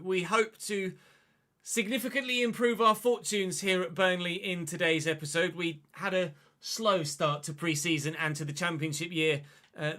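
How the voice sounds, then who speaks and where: A man live-streaming a football video game, chatting and commentating on his own play with quick excited outbursts. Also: fairly high pitch.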